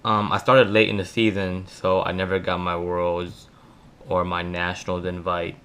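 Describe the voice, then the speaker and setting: A man's voice: low-pitched, completely flat delivery, fairly bright tone, clean tone. A man from Florida with a lisp, talking casually and hesitantly with lots of ums as he walks through a card game deck. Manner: talks fast, hesitant with ums. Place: home room at night.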